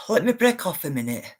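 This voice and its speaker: A middle-aged woman, earnestly telling viewers an emotional story and insisting that it is true. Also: lowish voice. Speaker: spiritual livestreamer.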